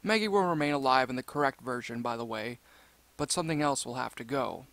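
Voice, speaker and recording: A man reading a creepypasta story aloud in a steady, measured narration. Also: mid-range voice.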